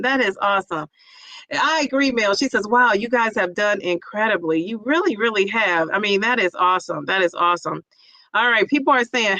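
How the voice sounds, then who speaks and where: A middle-aged woman chatting casually on a livestream, telling animated stories to her viewers. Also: a little high, no room sound. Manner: chatty, animated storytelling with laughs. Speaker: vlogger.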